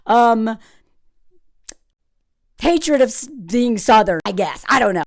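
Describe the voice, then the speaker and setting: A woman's voice: on the high side, lively intonation, slow, no echo, clean studio sound. A young woman giving sarcastic, riled-up commentary on dating, talking emphatically. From United States. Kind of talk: opinionated commentary vlog.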